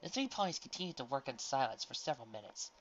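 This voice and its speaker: A woman reading a fan fiction story aloud with expressive storytelling. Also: a bass voice, quick pace, lo-fi sound. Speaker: reader.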